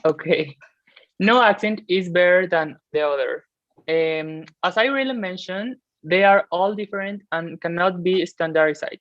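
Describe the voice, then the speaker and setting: A woman's voice: on the low side, unhurried, no echo. A woman interviewing classmates, reading her questions carefully with small restarts. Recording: dull lo-fi recording.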